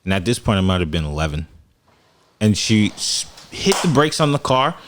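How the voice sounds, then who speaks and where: A man's voice: on the low side, moderate pace. A young man co-hosting a podcast, telling stories in casual chat and acting out the quotes. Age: young adult. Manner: animated storyteller, acts out quotes. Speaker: podcast co-host.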